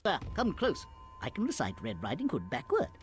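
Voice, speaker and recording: Game role: a strange pleading child, low voice with wide swoops in pitch. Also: female voice, wildly swooping pitch, brisk, slight background noise, heavily acted.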